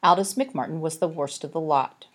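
A woman's voice: sits low, normal speed, breathy edge. A woman voicing a grumpy, stern old orange tomcat with a terse, hissing manner. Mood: grave.

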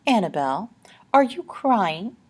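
A woman's voice: mid-range voice, expressive, normal speed, slightly rough, pitched above the performer's own voice. A woman reading aloud, voicing a frightened young girl who speaks in an anxious, breathless, hesitant way.

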